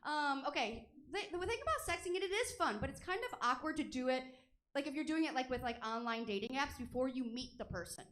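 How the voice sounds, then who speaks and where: A woman's voice: high voice, lively intonation, fast talker, fairly bright tone. Brash woman doing raunchy stand-up. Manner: brash, crude, self-deprecating. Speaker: stand-up comedian. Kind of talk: stand-up comedy set. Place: comedy theater stage.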